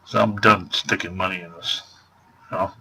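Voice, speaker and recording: A man with a gravelly, fry-laden voice rambles on in a casual vlog, piling up fillers as he complains with exasperation. A faint hiss of noise sits under the recording. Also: low-pitched, fairly even intonation, normal speed, pushed and bright, low-quality recording. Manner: rambling retelling full of fillers. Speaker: vlogger.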